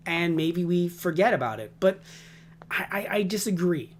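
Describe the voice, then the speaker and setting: A man's voice: sits high, normal speed. Ranting, foul-mouthed male podcast host. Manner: rambling, heavy swearing, animated ranting. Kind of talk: casual podcast chat.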